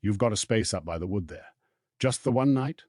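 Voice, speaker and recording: A man's voice: lowish voice, animated, normal speed, darkish tone, no room sound, clean studio sound. A man voicing a wary, middle-aged campsite keeper with blunt, questioning speech in an audiobook reading.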